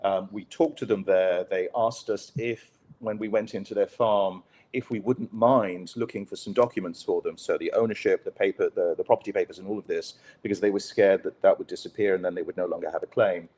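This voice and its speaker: A man's voice: low voice, steady tone, a little fast, darkish tone. A journalist man telling a candid, self-deprecating story as a podcast guest. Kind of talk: conversational storytelling.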